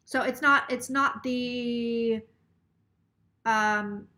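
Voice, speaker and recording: A woman's voice: a little high, steady tone, very slow, sharp tone. A woman psychic on a casual live stream, a little tipsy, relaying a spirit's words in a rambling, swearing way. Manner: rambling, swears freely, quotes the spirit aloud.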